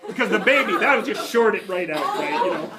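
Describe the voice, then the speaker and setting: A man in his fifties giving a university lecture to students, animated, laughing often and restarting sentences as he digresses. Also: sits high, a little fast, crowd noise. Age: 50s.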